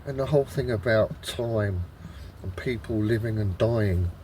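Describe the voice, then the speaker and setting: A man's voice: lowish voice, a little slow, dark tone, a little hiss or hum. A man vlogging outdoors in a wood, rambling in an exasperated way, swearing a lot and restarting his sentences. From Britain. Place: woodland outdoors.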